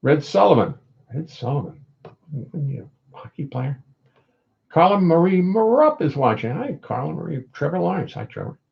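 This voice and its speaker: A man's voice: a little high, sing-song, normal speed, vocal fry. An older man hosting a home livestream, chatting casually and wryly reading out viewer comments. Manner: rambling, wry, reads viewer comments aloud. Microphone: computer audio input. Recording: dull lo-fi livestream audio.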